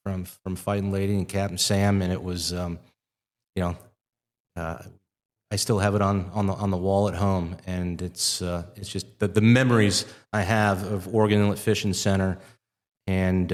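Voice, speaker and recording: In a low, flat voice at a moderate pace, a middle-aged Midwesterner from Wisconsin who owns a marina talks casually in an interview, stumbling over fillers and restarts. The live fishing-center show leaves a long, large-venue reverb on the sound.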